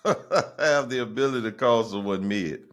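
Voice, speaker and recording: A man's voice: medium pitch, normal speed. A man hosting his podcast, telling a casual comic story and jumping into other people's voices. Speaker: podcast host.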